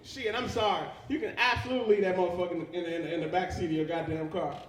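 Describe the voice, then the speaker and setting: Young male stand-up, very high voice, crowd-baiting, roomy distant club sound. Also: fairly even intonation, fast talker. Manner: profane, rambling, crowd-baiting. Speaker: stand-up comedian. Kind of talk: live stand-up comedy. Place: comedy club stage. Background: audience laughter.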